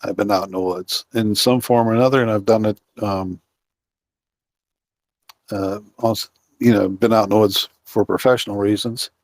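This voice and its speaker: A middle-aged man with a lowish voice tells his story casually, stopping often on fillers and restarting sentences. The sound is dry and close, with no room around it. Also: fairly even intonation, normal speed, pauses often, no echo. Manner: rambling, full of fillers and restarts. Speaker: guest, outdoorsman and Bigfoot researcher.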